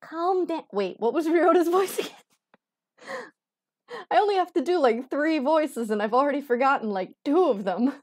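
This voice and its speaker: A woman's voice: high voice, expressive, normal speed, long pauses, dry recording, studio quality. Chatty woman streaming a game. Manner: chatty, giggly, rambling. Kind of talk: casual gameplay commentary.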